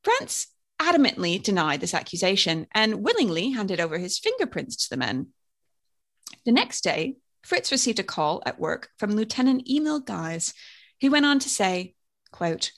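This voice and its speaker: A woman's voice: medium pitch, sing-song, normal speed, fairly bright tone. A woman co-hosting a podcast, telling a story with wry, dry asides. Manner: wry, dry jokes, reads out the story details. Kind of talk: casual chat with storytelling narration.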